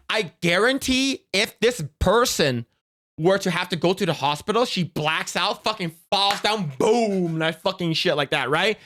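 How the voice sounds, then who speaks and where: A man's voice: sits high, lively intonation, moderate pace, fairly bright tone. A young man streaming, giving casual reaction commentary in a profane, rambling way with many restarts.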